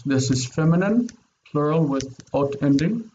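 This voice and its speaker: Teaching Hebrew grammar online, a man with a fairly high, darkish voice keeps a measured pace. He's patient, repeating words and asking "okay?" to check that students follow, over a dull lo-fi recording with faint noise.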